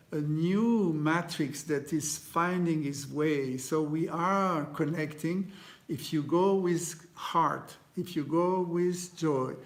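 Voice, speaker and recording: A man leading a guided meditation, speaking gently with many pauses, fillers and restarts, in slightly non-native phrasing. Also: on the high side, gravelly. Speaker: meditation teacher.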